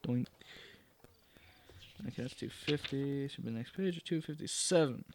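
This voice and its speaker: A man's voice: mid-range voice, normal speed, creaky, a little mellow, a little hiss or hum. A man reading a gamebook aloud and musing over his choices, with self-deprecating asides. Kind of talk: casual reading and commentary.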